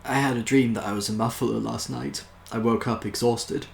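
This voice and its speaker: A British man reads dad jokes in a casual, self-mocking way, chuckling between them. His voice has a gravelly fry at mid pitch. The recording is roomy, with a faint hum of ambience behind it. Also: fairly even intonation, normal speed. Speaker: YouTuber.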